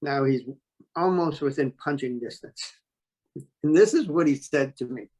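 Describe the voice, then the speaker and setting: A man telling a story as an interview guest, talking in a blunt, animated way and swearing freely. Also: fairly high pitch, moderate pace. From New York State. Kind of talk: casual storytelling.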